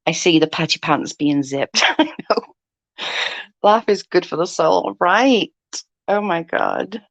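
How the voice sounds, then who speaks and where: A woman's voice: on the low side, slow pace, pauses often, no echo. A woman, congested from hay fever, chatting casually with her livestream viewers and reading out their comments, swearing freely and giggling. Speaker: livestream host reading chat. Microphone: close computer mic.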